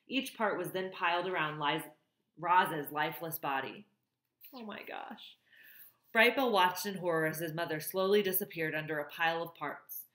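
Woman reading a book out loud, lowish voice, echoey room. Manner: pauses to comment on the plot. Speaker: reader. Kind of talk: reading a novel aloud.

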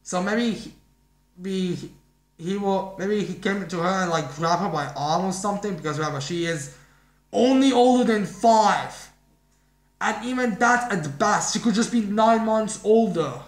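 A man's voice: sits high, a little slow. A man casually reviewing a manga chapter, rambling and thinking aloud as he goes. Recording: roomy echo.

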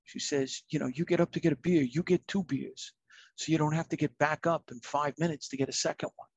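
A man's voice: fairly high pitch, fairly even intonation, fairly quick, breathy edge, no echo, dull audio. A middle-aged man, a retired fire captain telling his own story in a candid, earnest, plain-spoken way.

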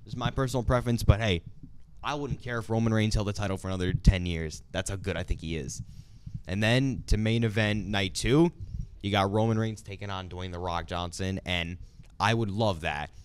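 A man's voice: on the low side, fairly quick, clean tone. A young man co-hosting a casual talk show, speaking with enthusiastic, opinionated energy. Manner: enthusiastic, opinionated, animated storytelling. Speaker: co-host of a wrestling talk show. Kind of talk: casual chat.

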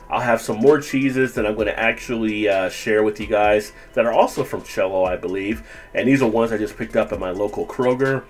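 A laid-back man talks through a cheese tasting for his video channel, chatty and unhurried. He sometimes speaks with a full mouth, and his voice sits in a middle pitch. Faint music plays in the background. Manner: relaxed, chatty, tastes and comments with full mouth. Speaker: food and beer reviewer. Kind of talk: casual video review.

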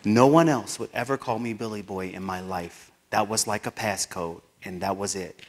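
A man giving a keynote speech, telling a personal story with animated delivery and acted-out dialogue. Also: lowish voice, normal speed. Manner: animated, acts out dialogue, laughs often. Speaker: keynote speaker.

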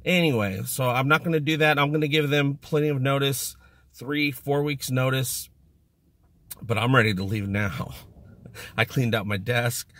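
A YouTube host chats casually to the camera on his own channel, rambling, joking and mocking himself. He talks at normal speed in a mid-range, slightly bright voice, with no room sound.

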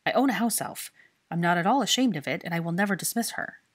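A woman's voice: fairly low pitch, lively intonation, moderate pace, slightly rough. Woman voicing an anxious young man pleading. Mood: earnest. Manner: pleading, urgent.

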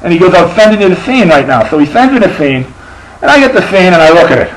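A man's voice: high voice, big pitch swings, fast talker, a little hiss or hum, low-quality recording. A middle-aged man with a lisp, telling a profane, rambling stand-up story full of restarts. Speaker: stand-up comedian.

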